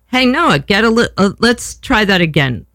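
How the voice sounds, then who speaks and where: A woman's voice: medium pitch, very animated, normal speed, a bit bright, no room sound. A woman, hosting a casual talk show in a brash, rambling way, swearing freely. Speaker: podcast host.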